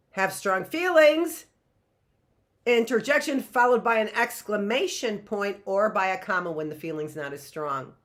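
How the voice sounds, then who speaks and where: Lively, playful woman teacher. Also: on the high side. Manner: chatty, playful, exclamatory. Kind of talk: casual online lesson. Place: home classroom setup.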